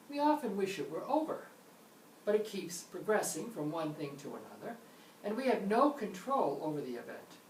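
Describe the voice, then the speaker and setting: A woman's voice: low-pitched, a little mellow. A woman teaching an English grammar lesson in a playful manner with theatrical asides. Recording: roomy echo, mic at a distance, faint noise.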